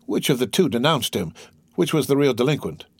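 A man's voice: medium pitch, animated, fairly quick, breathy edge, no room sound, studio quality. A man voicing an intense disguised priest who presses a witness with pointed questions in a storybook reading. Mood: pressing. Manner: probing, pressing.

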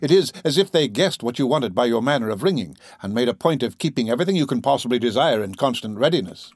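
A man reading a chatty young French viscount in an audiobook, in an animated, slightly raised voice. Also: mid-range voice, fast talker, husky, dry recording, clean studio sound. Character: young male French viscount, lively and gossipy. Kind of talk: audiobook character voice.

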